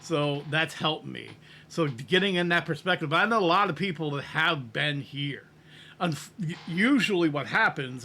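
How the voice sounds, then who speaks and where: An earnest middle-aged man reacting to music, his voice sitting a little high and sounding bright and tense. He rambles and restarts his sentences as he works through his thoughts, like a host talking casually to the camera. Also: vocal fry.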